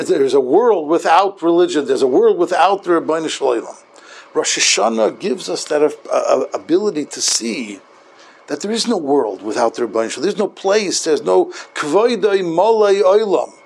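A male rabbi delivers a sermon, weaving a story into his teaching. His voice sits a little high for a man and carries a noticeable gravelly fry. He speaks in halting phrases, often restarting and repeating words. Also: slight background noise. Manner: halting, frequent restarts and repetitions.

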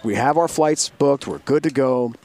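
A man's voice: mid-range voice, normal speed, a little mellow, a little hiss or hum. A middle-aged man, a sports broadcaster, telling a long travel story in an interview, acting out quoted voices and laughing often.

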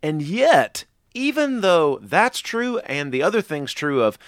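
Animated earnest man with a lively voice. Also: fairly high pitch, measured pace, no room sound, clean studio sound. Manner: earnest, rambling with restarts, animated emphasis. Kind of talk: faith podcast discussion.

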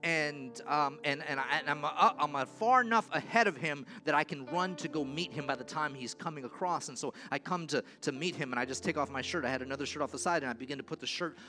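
A male pastor preaching a sermon, moving between quiet storytelling and loud, impassioned calls. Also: fairly high pitch, fast talker, hardly any pauses. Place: church sanctuary.

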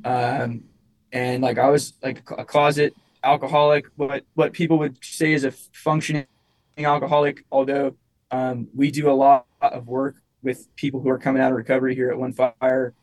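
A young man on a talk show recounts a personal story in loose, casual chat. He rambles, restarts his sentences and leans on fillers, in a middle-pitched voice. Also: little pitch movement, moderate pace, a little mellow, low-quality recording. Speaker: musician guest.

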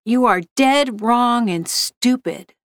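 A woman's voice: fairly high pitch, takes it slowly, no room sound. A woman voicing Shonda, a nervous woman coworker who speaks carefully. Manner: careful, spelling things out.

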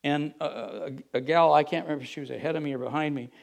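Gravelly man preaching a confessional sermon. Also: fairly high pitch, fairly even intonation, quick pace. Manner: candid confessional storytelling. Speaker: pastor.

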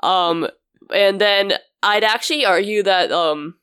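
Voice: medium pitch, slow, a bit bright, clean tone, dry recording, clean studio sound. A co-host in a casual film review, rambling with many fillers such as "like" and "um". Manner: rambling, heavy use of "like" and "um".

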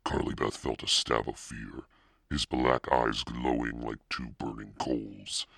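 A man narrating a spooky children's storybook in a steady, suspenseful reading. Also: a bass voice, a little slow, vocal fry, slightly rough, no echo, clean studio sound. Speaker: audiobook narrator.

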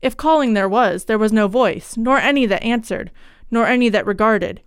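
Clear, close woman storyteller. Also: on the high side, normal speed, dry recording. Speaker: audiobook narrator. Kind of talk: scripted storytelling narration.

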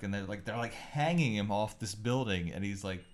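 A man co-hosting a podcast, telling rambling, animated stories in casual chat and swearing freely. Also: fairly low pitch, moderate pace, few pauses. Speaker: podcast co-host.

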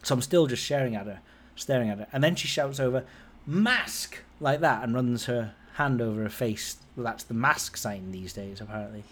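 A man's voice: a little fast, hardly any pauses. A man in his forties, a podcast host, telling a long personal story in a casual, rambling way, with his voice rising and falling as he goes. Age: 40s. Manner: rambling, conversational, lively swings in pitch and loudness.

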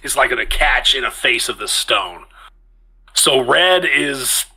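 A man's voice: medium pitch, animated, takes it slowly, pushed and bright, husky, rough recording. A man narrating a tabletop game as game master, in a casual way, stopping to correct himself as he goes. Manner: casual, stops to correct himself mid-sentence.

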